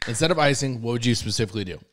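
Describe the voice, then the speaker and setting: Brief: male podcast host, relaxed interviewer, mid-range voice. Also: mid-range voice, rapid-fire, a little hiss or hum.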